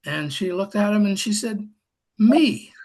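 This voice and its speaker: A man's voice: high-pitched, moderate pace. An older man and past district governor, telling folksy, self-deprecating stories with dry humor on a group video call. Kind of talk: storytelling talk on a group call.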